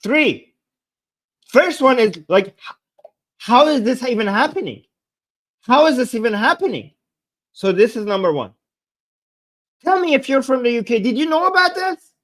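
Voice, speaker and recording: A political commentator rants heatedly and sarcastically to his viewers, reacting to events, repeating his points and raising his voice in agitation. His voice is very high-pitched, animated, and a bit bright, at normal speed with frequent pauses.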